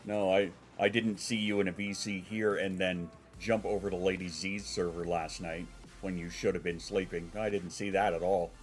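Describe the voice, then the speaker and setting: Over soft background music, a congested man talks casually with his stream viewers from home in a low, level voice at a moderate pace. He rambles, swears occasionally and responds to chat.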